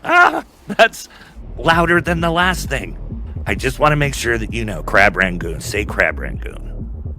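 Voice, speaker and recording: A man making a prank phone call in a hushed, conspiratorial voice that breaks into alarmed outbursts. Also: mid-range voice, big pitch swings, moderate pace, a little hiss or hum. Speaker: prank caller.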